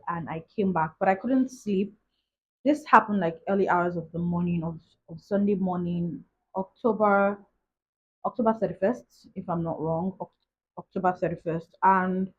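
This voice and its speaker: A woman's voice: fairly low pitch, slight background noise. A young woman telling a personal story to camera in a chatty way, full of "like" asides. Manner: chatty, retells events with many "like" asides. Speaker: vlogger. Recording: dull lo-fi recording.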